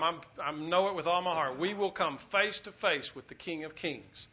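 A man preaching a sermon as pastor, telling a story earnestly, swelling loud and dropping quiet. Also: a little high, normal speed, few pauses. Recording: dull lo-fi recording.

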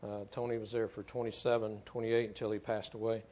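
A man's voice: on the low side, flat delivery, warm tone, lo-fi sound. Earnest middle-aged man preaching. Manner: earnest, halting, repeats words as he goes. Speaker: church speaker, former firefighter. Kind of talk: sermon storytelling.

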